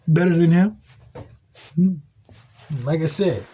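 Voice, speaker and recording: A man tells a story on his podcast in casual, profane talk. His slightly high voice swings widely in pitch. He bursts into loud shouts. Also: lively intonation, unhurried, long pauses. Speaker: podcast host.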